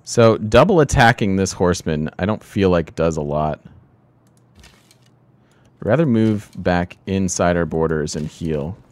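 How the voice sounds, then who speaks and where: Low-voiced man thinking aloud over gameplay. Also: lively intonation, measured pace, dry recording. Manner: chatty, thinking aloud, self-deprecating. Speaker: let's play streamer. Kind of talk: casual gameplay commentary.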